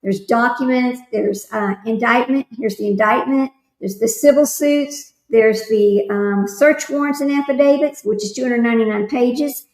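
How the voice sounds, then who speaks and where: A woman's voice: fairly high pitch, normal speed, few pauses, a little mellow, reverberant, low-quality recording. A woman hosting a casual livestream, reading aloud and chatting loosely with her viewers. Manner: reads aloud, then chats loosely with viewers. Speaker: livestream host.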